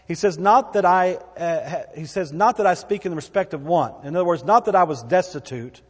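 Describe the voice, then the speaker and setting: A man's voice: sits high, moderate pace, slightly rough, big-room sound. A man preaching a sermon as a pastor, in a conversational, folksy way with asides and repeated phrases.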